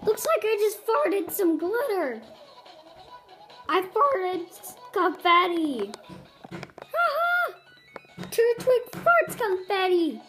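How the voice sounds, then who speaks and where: Performer doing a squeaky, shrieking cartoonish turtle creature, slow-spoken and giddy, game-commentary host. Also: sing-song, full character voice, poor audio. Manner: giddy, silly, easily startled. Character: excitable, squeaky little turtle creature gaming. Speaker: channel host. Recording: game music loud behind voice.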